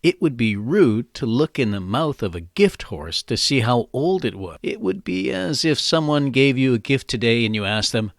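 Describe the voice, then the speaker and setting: A man's voice: medium pitch, big pitch swings, normal speed, a bit bright. Playful man explaining idioms. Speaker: podcast host. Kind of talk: scripted educational podcast.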